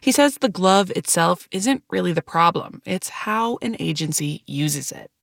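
A woman reporter reading a scripted news story in a measured, even way. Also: on the low side, creaky, dry recording, clean studio sound.

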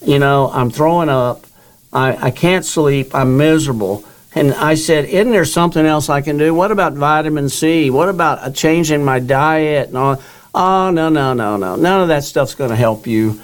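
A man's voice: a little high, moderate pace. An older man, a guest author, telling his own story in an interview and acting out the dialogue he quotes.

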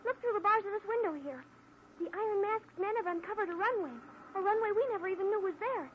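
A high-voiced excitable young woman. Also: quick pace. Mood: excited. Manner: breathless, pleading. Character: earnest excitable young woman, easily frightened. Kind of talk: 1940s radio acting. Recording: dull old radio recording, faint hiss.

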